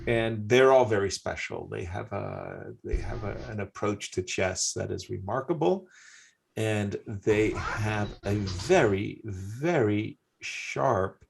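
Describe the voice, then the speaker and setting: An older man commenting on chess, telling animated anecdotes with laughing asides in a casual way. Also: lowish voice, takes it slowly, gravelly, slight background noise.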